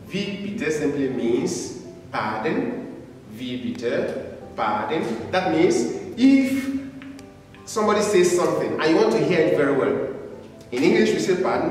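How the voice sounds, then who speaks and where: A man teaching a beginners' German class, speaking patiently and repeating each word for learners to say after him. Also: fairly high pitch. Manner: patient, repetitive, drawn-out words. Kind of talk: slow classroom lecture with repeat-after-me drills. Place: classroom with a board. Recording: echoey hall, voice from far off.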